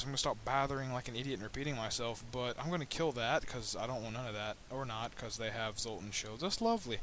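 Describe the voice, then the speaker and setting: A man giving let's play commentary on a budget microphone, rambling and joking with sudden high excited yelps. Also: a little hiss or hum. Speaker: gameplay commentator. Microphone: new budget microphone.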